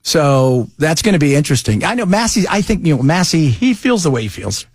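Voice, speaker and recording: Talk radio host, man, lively swooping voice, slightly high, dry studio sound. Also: fairly quick, no room sound. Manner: animated, jokey, loose asides. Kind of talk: casual talk radio banter.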